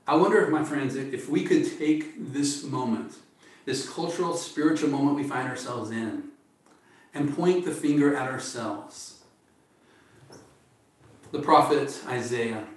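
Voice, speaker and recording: A man preaching a sermon in an earnest, measured way, often appealing to his listeners as friends. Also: fairly high pitch. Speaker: pastor. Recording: echoey room, distant mic.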